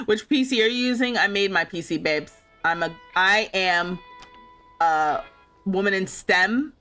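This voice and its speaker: Young adult woman streamer, bright, very lively pitch, casual game commentary, playful and indignant with chat. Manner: animated, laughing, playfully indignant, talks back to chat. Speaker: livestreamer playing a life sim game.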